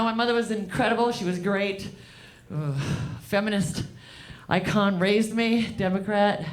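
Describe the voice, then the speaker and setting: On a comedy club stage, a woman performs a deadpan, profane stand-up set and riffs with the crowd. Her voice is mid-range.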